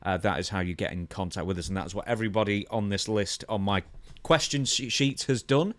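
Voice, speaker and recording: British man, podcast co-host, deep voice, dry close sound, casual teasing. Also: no echo. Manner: reads listener questions, quick teasing asides.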